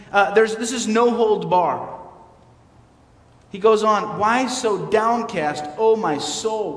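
A man preaching a sermon in an earnest, candid way, swinging between loud and quiet. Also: high-pitched. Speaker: pastor. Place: church sanctuary. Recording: roomy hall reverb, mic far off.

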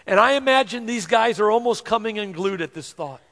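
Man preaching, high pitched, gravelly, long reverb of a big hall, earnest, slows to stress verses. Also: animated, fairly bright tone. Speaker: pastor. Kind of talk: sermon.

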